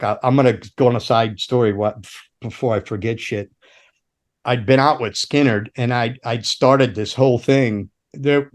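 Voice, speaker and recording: A middle-aged American man swaps road stories on a casual podcast, rambling from one tangent to the next. He swears freely and drops into loud, animated voices whenever he quotes somebody, in a voice of ordinary male pitch. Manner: rambling, profane, animated storyteller who acts out quotes. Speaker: podcast guest, former roadie. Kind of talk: casual storytelling chat.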